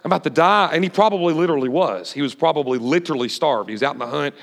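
A man's voice: a little high, very fast, in a large hall. A man preaching a sermon, retelling a story and questioning the audience. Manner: animated, asks the audience questions.

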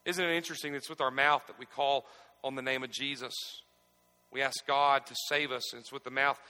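A man's voice: mid-range voice, a little fast, long reverb tail. A man preaching a sermon in a church, calling on the congregation to answer back. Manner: animated, calls for congregation responses. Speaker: pastor. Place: church sanctuary.

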